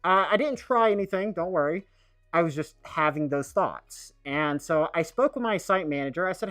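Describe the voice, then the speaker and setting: A man's voice: fairly high pitch, expressive, fairly bright tone, no echo. Rambling man talking on stream. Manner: rambling, halting, heavy with fillers and restarts. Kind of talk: casual livestream monologue.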